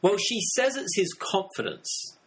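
A man chats about films in a relaxed, playful way, often laughing. His voice sits a bit high, and his pitch moves up and down a lot. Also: a little slow, rough recording. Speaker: podcast co-host. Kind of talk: casual film chat.

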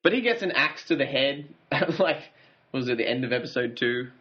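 A man co-hosting a casual podcast recaps a show's plot in a dry, wry way. His mid-range voice is expressive and fairly quick, and the audio is dull and lo-fi.

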